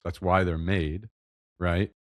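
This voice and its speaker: A man appearing as a podcast guest, speaking haltingly and searching for his words. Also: sits low, flat delivery, dry recording, studio quality. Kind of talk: casual chat.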